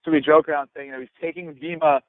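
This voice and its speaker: A man's voice: a little high, flat delivery, rapid-fire, no room sound. A man leading a sales team, talking eagerly and a bit rambling on a conference call. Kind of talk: casual phone chat. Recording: tinny dry phone line.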